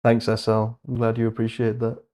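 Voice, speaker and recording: A young man hosting a casual livestream, thinking aloud as he browses, excitable, laughing often and muttering asides to himself. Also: medium pitch, fairly quick. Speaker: host.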